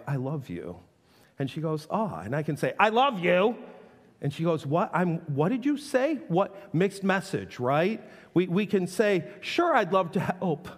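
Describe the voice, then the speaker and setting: Pastor guy in his 40s preaching in a big echoey church, earnest, keeps restarting sentences. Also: a little high. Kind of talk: sermon with prayer. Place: church sanctuary. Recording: long hall reverb.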